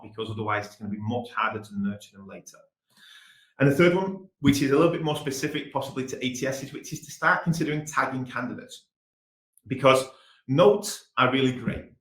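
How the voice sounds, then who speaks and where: A man with an English accent giving a fast-paced business webinar presentation. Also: medium pitch, roomy sound, rough recording. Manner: fast-talking, energetic.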